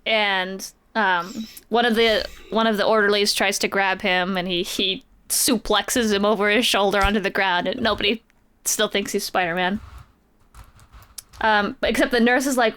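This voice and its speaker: A woman's voice: mid-range voice, steady tone, normal speed, a bit bright, clear, resonant tone. A woman casually recapping a comic book story on a podcast, chatty and playful, slipping quoted lines into her retelling. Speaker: podcast co-host.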